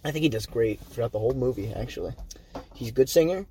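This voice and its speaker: A man's voice: medium pitch, lively intonation, fast, darkish tone, a little hiss or hum. A young man co-hosting a podcast in casual chat, laughing easily and arguing his points. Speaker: podcast co-host.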